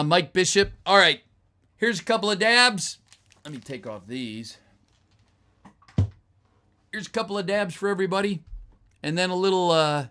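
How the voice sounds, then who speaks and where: Chatty man live-streaming to fans. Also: on the high side. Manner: chatty and grateful, with frequent fillers and bursts of excited exclamations. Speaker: voice actor and YouTuber hosting a live stream. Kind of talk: casual live-stream chat, reading and answering viewer messages.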